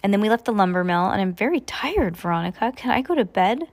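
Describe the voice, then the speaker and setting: A woman reading aloud and voicing a dazed, tired young boy under hypnosis, talking slowly and vaguely. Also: medium pitch, very animated. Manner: slow, vague.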